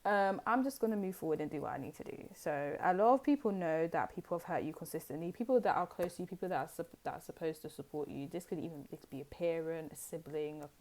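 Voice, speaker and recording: A woman's voice: sits low, quick pace, few pauses, darkish tone. A woman giving a casual pick-a-card tarot reading, chatty and rambling, with many fillers and asides.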